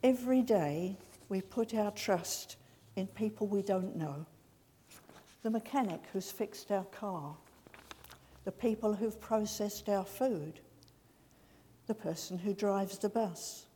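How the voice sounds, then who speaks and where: A woman giving a sermon in a gentle, slow storytelling way. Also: medium pitch, breathy edge. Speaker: preacher. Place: large church. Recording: reverberant church hall.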